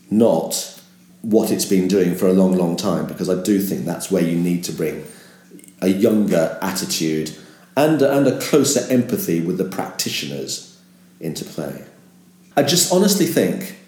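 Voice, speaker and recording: Older man, deep and animated. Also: reverberant. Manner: animated, jumps to a bright upbeat presenter voice when demonstrating. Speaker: veteran radio presenter. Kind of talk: reflective interview.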